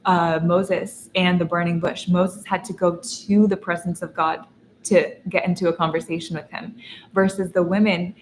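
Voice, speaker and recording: A young woman coach teaching a masterclass, talking earnestly and telling animated stories with a laugh now and then. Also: lowish voice, a little hiss or hum. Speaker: feminine energy coach. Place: in Dubai. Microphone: seated while teaching.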